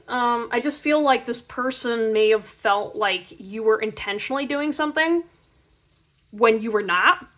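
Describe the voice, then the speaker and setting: Young woman doing a pick a card tarot reading, talks fast and loose with lots of likes, kinda high voice. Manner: chatty, animated, heavy on filler words.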